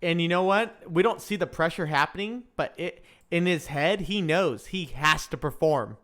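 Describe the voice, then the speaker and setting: Chatty high-voiced male stream host. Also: moderate pace, a bit bright. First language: English. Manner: chatty, joking, laughs at himself. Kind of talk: casual live-stream commentary.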